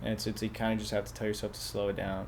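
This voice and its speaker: A man's voice: on the low side, completely flat delivery, very fast, a little hiss or hum. A man talking in a casual podcast chat as a stand-up comedian guest, loose and rambling with lots of filler and swearing. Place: podcast studio.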